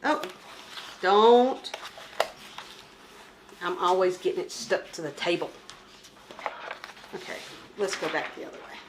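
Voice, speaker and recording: A woman's voice: fairly low pitch, takes it slowly, long pauses, background noise. A woman chatting casually as she shows her craft kit, rambling and joking about herself. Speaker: crafting vlogger. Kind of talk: casual show-and-tell chat.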